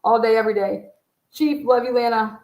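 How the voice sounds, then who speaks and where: A woman's voice: fairly high pitch, steady tone, brisk, muffled recording. A woman giving casual livestream commentary as a true crime YouTuber. She talks in a blunt, profane, rambling way, full of asides. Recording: roomy echo.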